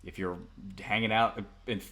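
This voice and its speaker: A man's voice: on the low side, fairly even intonation, moderate pace, bright, forceful tone. A man co-hosting a casual podcast chat, rambling and laughing as he reads a legend aloud. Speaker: podcast co-host.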